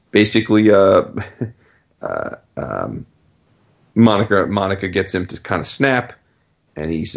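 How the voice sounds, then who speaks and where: A man retells a story in loose, casual chat, swearing freely and staying animated throughout. His voice sits on the low side. The sound is dull and lo-fi. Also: vocal fry. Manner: animated, acts out characters' lines in jumping voices, profane. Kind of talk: casual chat recapping a comic.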